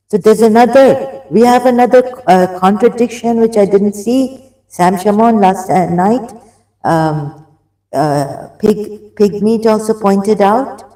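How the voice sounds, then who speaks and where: A man on a live stream reading religious passages aloud and reacting, breaking off to apologize and cough, short of breath. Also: sits high. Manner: excitable, reads passages aloud, frequent apologies and restarts. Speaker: streamer discussing religious texts. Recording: roomy echo, off-mic.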